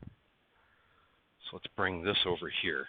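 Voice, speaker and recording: A man's voice: deep voice, slow, breathy edge, no echo. A man hosting a casual livestream from his workshop, chatting with viewers by name while he works. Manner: chatty, greets viewers by name, coaxes parts while working. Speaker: livestream host. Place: workshop barn indoors. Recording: dry, tinny phone-like sound.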